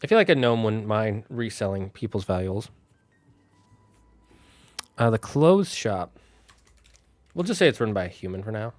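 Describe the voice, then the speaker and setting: Man, solo streamer, thinking aloud, halting, dry sound, keyboard typing behind. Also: lowish voice, very animated, a little mellow, no echo. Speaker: streamer building a fantasy world. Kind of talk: casual solo stream chat.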